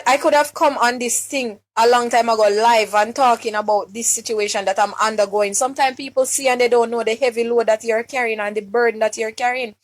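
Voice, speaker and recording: A Jamaican woman speaks on a live stream with a fairly high voice, upset and pleading. She halts often, repeating words and restarting her sentences as she appeals for help. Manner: distressed, halting, many restarts and repeated words. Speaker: mother making a public appeal.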